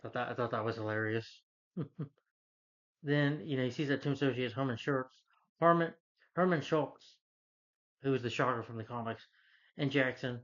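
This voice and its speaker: A man's voice: fairly quick, fairly bright tone, lo-fi sound. Rambling man recapping a movie plot. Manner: loose, filler-heavy retelling that jumps up in pitch for quoted characters. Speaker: movie reviewer.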